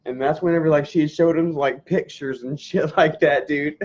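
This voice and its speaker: A middle-aged man with a drawl tells a family memory to his camera, his voice a bit higher than most men's. He rambles, swears casually and laughs through tears. The dull, lo-fi camera audio makes the whole recording sound muffled. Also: slow, a little mellow. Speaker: vlogger. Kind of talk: emotional personal storytelling to camera.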